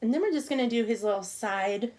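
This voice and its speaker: Here a middle-aged woman speaks briskly in a slightly high voice while teaching cupcake decoration over the internet. She chats easily and murmurs under her breath as she goes.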